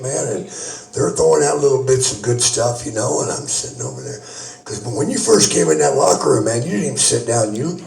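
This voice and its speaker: A man's voice: medium pitch, creaky, a little mellow. A man, a wrestler, telling locker-room stories to fans in a casual, profane way, swearing constantly and laughing through his punchlines. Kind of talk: casual anecdote storytelling. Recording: roomy echo, voice picked up from a distance.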